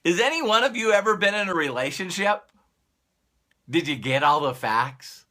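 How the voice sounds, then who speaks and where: Lively, bright-voiced motivational man. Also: high voice, normal speed. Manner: animated, acts out little dialogues, laughs at own jokes. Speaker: motivational speaker. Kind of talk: motivational talk to a camera.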